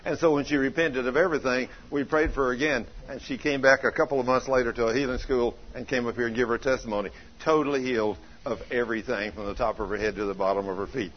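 A man preaching a folksy sermon in a homespun, plainspoken way, telling a story with bursts of excitement. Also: medium pitch, fast, few pauses, highs cut off, slight background noise.

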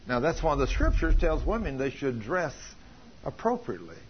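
A middle-aged man preaching a sermon in a church, telling stories fervently and rising to loud emphasis. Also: medium pitch, very animated, moderate pace, slightly rough, highs cut off. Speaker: pastor.

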